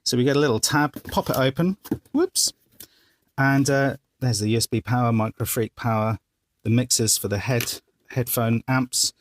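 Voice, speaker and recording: A man's voice: medium pitch, normal speed, a little hiss or hum. Man chatting through a studio tour. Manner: chatty, explaining gear step by step. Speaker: musician giving a studio tour. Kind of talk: casual walkthrough. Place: band's music studio, indoors.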